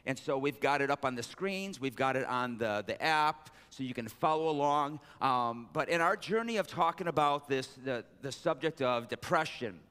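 A man's voice: animated, normal speed, few pauses, a bit bright, clear, resonant tone. A man preaching a sermon as pastor, joking with the congregation between scripture readings. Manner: jokey asides, reads scripture with raised pitch. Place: large church sanctuary. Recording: long hall reverb.

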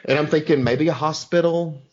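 A man's voice: fairly high pitch, fairly even intonation, fairly quick, darkish tone. A man hosting a podcast, making up a silly story on the spot in a rambling, hesitant way. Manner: improvises a made-up plot, rambling and hesitant. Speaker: podcast host. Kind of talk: casual podcast banter. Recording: dull lo-fi podcast audio.

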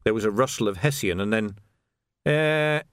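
A man narrating an audiobook in a wry, lively manner, each character given its own voice. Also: on the low side, fast talker, dry recording, clean studio sound.

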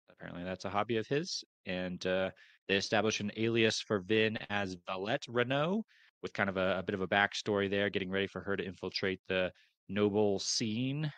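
In a relaxed chat, a man co-hosting a podcast recaps book chapters, faltering and backtracking over names he doesn't know. His voice is somewhat low yet fairly bright, recorded without echo.

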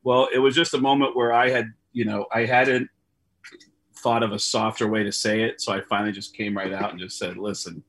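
A man's voice: fairly low pitch, level tone, fairly quick, fairly bright tone. A man, a comedian guest on a video call, telling rambling anecdotes and acting out the voices of people he quotes. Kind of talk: casual storytelling.

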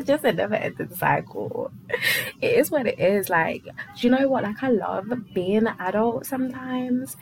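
A young woman from London talks alone into the mic, loose and rambling, dropping fillers and laughing easily. Her voice sits at an ordinary middle pitch, with a faint hiss of noise under it. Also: creaky, low-quality recording. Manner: chatty, rambling, many fillers, quick laughs. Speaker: podcast host. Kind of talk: casual solo chat.

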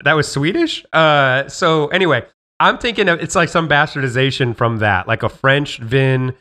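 Podcast co-host, young male, bright tone, rambling crude humor, talks from an empty house. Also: on the high side, normal speed. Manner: rambling, crude, joking, talks over others. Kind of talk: casual podcast banter.

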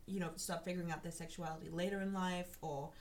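A woman's voice: on the low side, fairly even intonation, fast. A young woman hosting a casual chat, reflective and supportive as she responds to her guest. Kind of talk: casual conversation.

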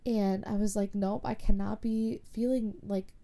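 A woman's voice: mid-range voice, fairly even intonation, unhurried, dark tone. A young woman casually telling a personal story, rambling with lots of filler words. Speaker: podcast host.

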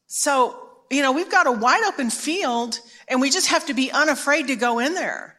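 A woman's voice: high voice, expressive, moderate pace, bright, forceful tone. A middle-aged woman from Texas, giving a storytelling sermon at a conference in a chatty, self-mocking way with frequent restarts. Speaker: conference preacher.

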